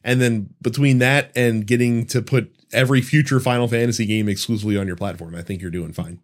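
A man's voice: mid-range voice, fast talker. A man in his thirties co-hosting a casual podcast, reading listener questions aloud and swearing casually as he chats. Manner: animated, swears casually, laughs often. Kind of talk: casual chat.

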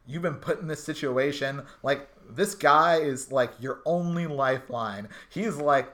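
A podcast co-host in casual chat, animated and breaking into high laughs.

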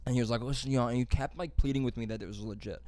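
A man's voice: medium pitch, fairly even intonation, very fast, a little mellow, no room sound. A man telling a rambling, profane story in casual chat among friends.

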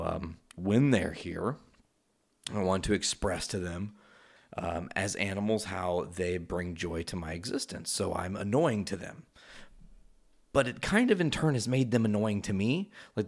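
A man hosting a casual solo podcast from his home, rambling and swearing freely as he drifts off on tangents. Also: fairly low pitch. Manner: rambling, profane, goes off on tangents. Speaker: podcast host.

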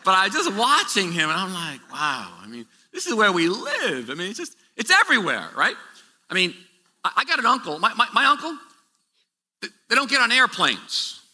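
A man's voice: high voice, wildly swooping pitch, normal speed, sharp tone, in a large hall. A middle-aged man preaching a conversational sermon, full of restarts and asides. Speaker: pastor.

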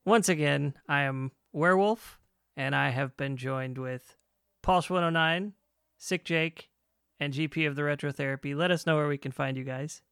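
Higher-voiced man hosting a casual podcast. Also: moderate pace, creaky, a bit bright, smooth, dry recording, clean studio sound. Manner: laughs often, jokey. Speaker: podcast host. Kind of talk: casual chat.

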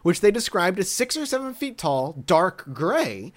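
A man's voice: sits high, very animated, measured pace. A man hosting a podcast, reading a story aloud with jokey asides in casual chat. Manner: jokey, reads quotes with asides. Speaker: podcast host.

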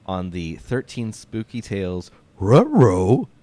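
A man co-hosting a comedy podcast, dry and playful, quick to laugh. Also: low-pitched, a little mellow. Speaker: podcast co-host. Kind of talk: casual comedic podcast chat.

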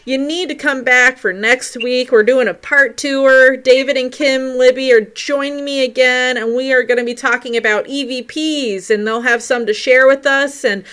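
A bubbly woman wraps up her paranormal podcast in a slightly high voice. She talks brightly and warmly to her listeners and keeps breaking into giggles. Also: steady tone, moderate pace, few pauses, clear, resonant tone. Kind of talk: podcast outro.

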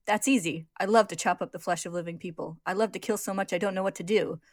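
A woman's voice: medium pitch, fairly even intonation, fast talker, no room sound, studio quality, lightly acted. A woman voicing a murderous male butcher whose soul sits in a suit of armor, manic and taunting. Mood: gleeful menace. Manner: manic, taunting, wild laughter.

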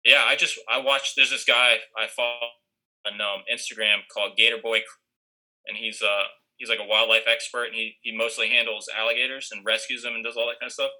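A man's voice: mid-range voice, level tone, fairly quick, pushed and bright, poor audio. A young man casually telling a rambling story, full of fillers and restarts, acting out what others said. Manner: rambling, many fillers and restarts, acts out quoted lines.

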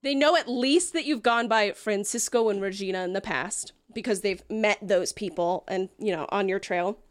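A woman's voice: medium pitch, moderate pace. A woman running a tabletop game as game master, narrating with amusement and laughing often.

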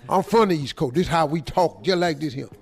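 A man's voice: on the high side, fairly quick, gravelly, faint music behind. A man playing a brash 43-year-old manager who talks back to his older boss in blunt street slang. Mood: defiant.

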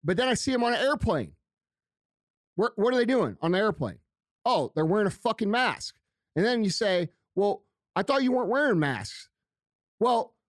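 A man's voice: sits high, no echo, clean studio sound. A man delivering a heated, profane rant on his own show, hammering his points by repeating them. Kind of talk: angry ranting monologue.

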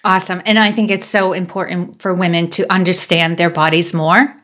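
A woman's voice: on the low side, level tone, brisk, fairly bright tone. A woman hosting an interview podcast, asking questions in an encouraging, conversational way. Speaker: podcast host.

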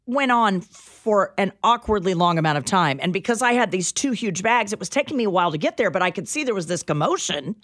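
A woman co-hosting a radio show, telling a story in an animated, dramatic way. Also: mid-range voice, a little fast, hardly any pauses, dry recording, studio quality. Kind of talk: casual storytelling chat.

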